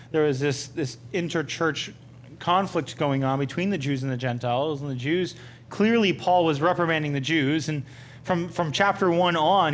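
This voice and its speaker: Young guy leading bible study, chatty and animated, slightly high voice, faint hum behind. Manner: animated, conversational, asks the group questions.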